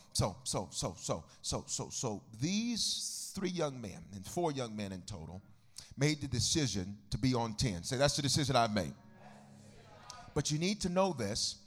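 A man preaching a sermon as pastor, swinging from quiet teaching into sung, shouted whooping. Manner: whooping preacher rising into sung shouts, then dropping low.

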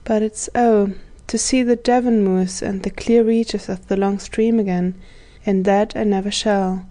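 A woman reading the part of a proud, courtly old gentleman prisoner in a storybook, speaking in old-fashioned formal phrases. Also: medium pitch, steady tone, a little slow, close to an everyday voice. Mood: nostalgic. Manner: archaic courtly speech.

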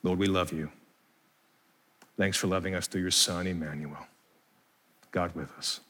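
A man preaching a sermon to a congregation in a church, building with impassioned repetition and later praying softly. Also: sits low, fairly even intonation, measured pace, long reverb tail. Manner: soft, hushed praying. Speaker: pastor. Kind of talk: sermon with closing prayer. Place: church hall with live congregation.

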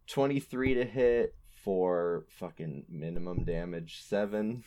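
A man's voice: low voice, slow, mellow. A man playing a tabletop game, laughing at himself and swearing freely as he calls his rolls. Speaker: player. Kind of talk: casual tabletop game play.

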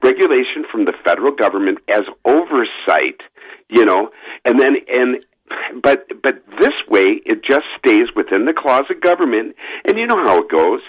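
A man calling in to a talk radio show, talking in an animated, emphatic way over a phone line. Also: medium pitch, normal speed, slightly rough. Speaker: caller. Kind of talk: political call-in radio talk.

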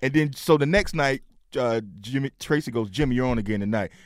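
A man's voice: medium pitch, a little fast, no room sound, studio quality. Laid-back male comic guest. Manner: laid-back, laughs often, acts out quotes. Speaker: guest comedian. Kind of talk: casual chat.

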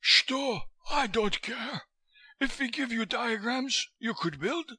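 A man voicing a wheezing, languid fat man who speaks curt, broken English in a raised, lively voice. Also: very high-pitched, slow pace, slightly rough, no echo, voice pushed up, full character voice. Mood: dismissive.

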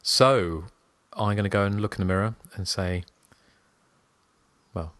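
Man, rambling podcast host, lowish voice, dry close sound. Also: steady tone, measured pace, fairly bright tone, dry recording. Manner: rambling, chatty. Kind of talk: casual chat.

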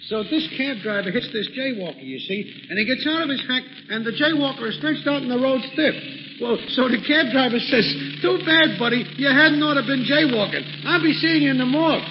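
An actor playing a chatty, wisecracking cab driver with breezy, slangy patter, in 1940s radio acting style. The sound is a muffled, hissy 1940s radio broadcast. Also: male voice, extremely high pitch, fairly quick. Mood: joking.

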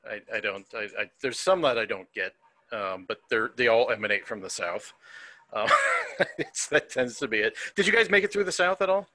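An American man hosting a relaxed podcast chat, his voice bright and forward. The recording is dry and close, with no room around it. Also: mid-range voice, normal speed, no room sound. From United States. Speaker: host. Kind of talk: casual podcast conversation.

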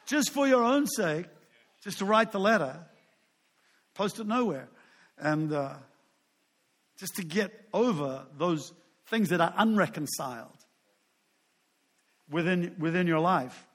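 An older man preaching a sermon in a relaxed, chatty manner, his voice sitting a touch higher than most men's. He wanders off into asides and pokes fun at himself. He keeps a friendly, unpolished tone. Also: takes it slowly, long pauses. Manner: conversational, rambling with asides and self-deprecating humor. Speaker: pastor.

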